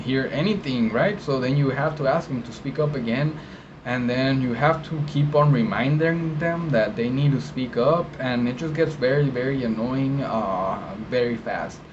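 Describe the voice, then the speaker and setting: A man's voice: mid-range voice, moderate pace. A man who works as an interpreter gives casual, conversational teaching on interpreting, with plenty of fillers and tag questions. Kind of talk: casual instructional talk. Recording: dull sound with steady background noise.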